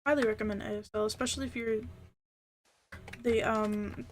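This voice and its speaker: A woman's voice: medium pitch, steady tone, normal speed, a little hiss or hum. A young adult woman streaming a game, chatting casually and rambling with lots of fillers. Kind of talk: casual chat while gaming.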